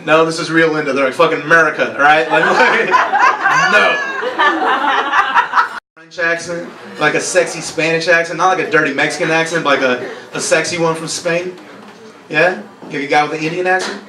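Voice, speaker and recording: A man's voice: a little high, moderate pace, background noise. Young male stand-up comic, sardonic, self-mocking, banters with the crowd; raised voice, roomy bar heard from afar. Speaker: stand-up comedian. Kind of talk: live stand-up set. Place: bar comedy night. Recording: roomy bar recorded from far off, crowd laughing.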